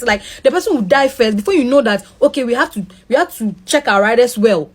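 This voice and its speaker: A woman's voice: on the high side, animated, brisk, few pauses. A young woman, telling how a driver threatened her, shaken and then indignant. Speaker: victim telling her story. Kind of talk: emotional personal account.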